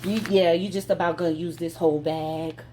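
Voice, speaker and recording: A low-voiced woman, folksy and chatty as she cooks in her home kitchen. She talks straight to her viewers in a relaxed, conversational way. A faint hiss sits under the recording. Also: fairly quick. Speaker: cooking vlogger. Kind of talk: casual cooking demonstration.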